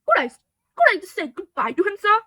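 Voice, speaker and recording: A woman reading the lines of a huge, shaggy, gentle male giant, tearful and sobbing, in a storybook reading. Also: very high-pitched, wildly swooping pitch, fast talker, dry recording, pitched above the performer's own voice, full character voice.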